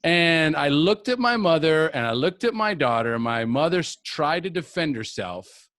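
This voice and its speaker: A man's voice: fairly high pitch, animated, normal speed, fairly bright tone, no echo, clean studio sound. A middle-aged man leading a live group recovery coaching session, talking earnestly and repeating key phrases for emphasis.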